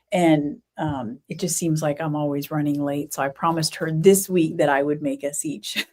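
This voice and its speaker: A woman hosts a casual live-stream chat in a slightly low voice. She rambles easily, with lots of ums and quick self-corrections. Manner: chatty, rambling, many fillers and self-corrections. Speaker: podcast host.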